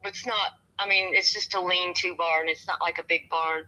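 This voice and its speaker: Rambling bright-voiced woman on a phone call. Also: lowish voice, fairly even intonation, normal speed. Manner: rambling, meandering, with many restarts and soft laughs. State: cold and shivering. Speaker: home seller on a phone call.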